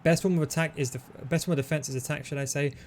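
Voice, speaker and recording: A man's voice: a little high, rapid-fire. Man coaching over gameplay footage. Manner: relaxed, coaching, talks through his moves. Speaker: gaming tutorial host.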